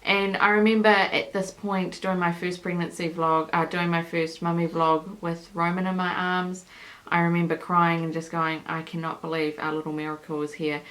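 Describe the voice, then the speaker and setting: A woman's voice: lowish voice, flat delivery, normal speed, fairly bright tone, poor audio. Rambling emotional woman vlogger. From New Zealand. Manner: rambling and emotional, many fillers. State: holding and breastfeeding a baby. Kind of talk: casual vlog chat.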